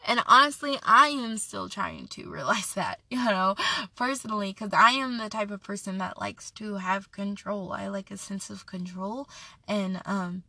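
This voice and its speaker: A woman speaks in a bright, sharp tone with a gravelly edge, sharing an earnest devotional talk between scripture readings. Her delivery is chatty and personal, full of restarts and asides, in a dry, close sound. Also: mid-range voice, normal speed, dry recording.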